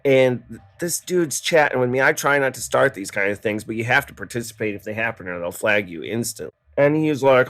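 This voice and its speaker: A man in his forties rambling through an absurd comedy bit with a deadpan delivery. His voice is bright and tense, sitting at an ordinary pitch for a man. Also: brisk. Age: 40s.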